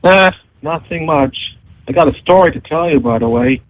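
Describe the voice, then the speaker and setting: A man with a somewhat raised voice calls in to tell a story, hesitant and halting, filling gaps with little sounds. His voice comes over a dry, tinny phone line with no room sound at all. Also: on the high side, dry recording. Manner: hesitant, full of fillers. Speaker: caller. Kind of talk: telling a story on a call-in show.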